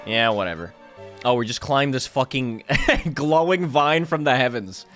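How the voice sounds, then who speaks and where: A young man streaming a video game, excitable and joking with crude language and quick laughter. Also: mid-range voice, faint music behind. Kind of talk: live let's-play commentary.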